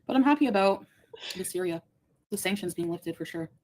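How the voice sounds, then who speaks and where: A woman's voice: on the low side, lively intonation, fairly quick, darkish tone. Woman reading chat comments aloud. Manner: reads viewer comments aloud, chuckling. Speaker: livestream co-host. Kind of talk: casual livestream chat.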